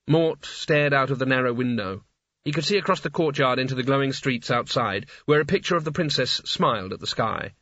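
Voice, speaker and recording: A man reading a story aloud as narrator in an even storytelling manner. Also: mid-range voice, a little fast, dry recording, lo-fi sound. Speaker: audiobook narrator. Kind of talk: scripted narration.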